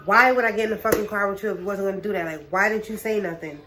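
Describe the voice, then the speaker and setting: A young woman telling a wild personal story to her camera in a casual vlog, profane and animated, full of slang. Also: medium pitch, rapid-fire, background noise. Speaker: vlogger.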